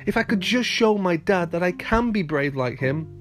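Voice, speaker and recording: A timid young fawn with a raised, childlike pitch that leaps up and down as he pleads and whines, put on by a man reading a storybook. The delivery is light and eager, with a faint guitar somewhere behind. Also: lively intonation, normal speed. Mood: ashamed. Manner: whiny and pleading.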